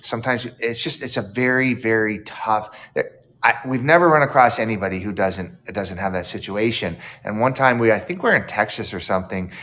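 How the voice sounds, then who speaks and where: A man's voice: lowish voice, animated, brisk, a bit bright. A man who is an author guest in an interview, reflective and storytelling, acting out quoted lines. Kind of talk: casual interview chat.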